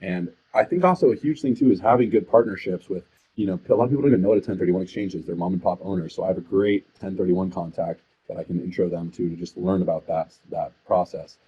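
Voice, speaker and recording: A man's voice: low voice, quick pace, husky, lo-fi sound. A man, a real estate agent, talking with energy in a casual podcast conversation and acting out sales calls.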